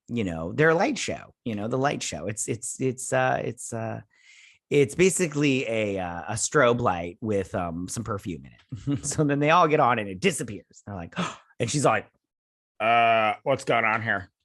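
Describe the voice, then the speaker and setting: A man's voice: medium pitch, dry recording, clean studio sound. A man hosting a TV breakdown, recapping an episode in a casual, sarcastic rant, mocking characters with silly quotes, laughing and swearing. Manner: laughs often, swears, trails off with fillers. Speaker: host of a TV breakdown channel.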